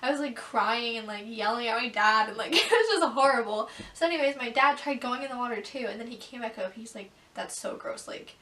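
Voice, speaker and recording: A teenage girl chats to her camera, recounting embarrassing moments with plenty of "like" and quick laughs. Her voice sits high. The sound is roomy and echoey, picked up from a little distance. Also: sharp tone. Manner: chatty, full of "like", breaks into laughs. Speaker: vlogger. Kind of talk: casual storytelling to camera. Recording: echoey room, mic at a distance.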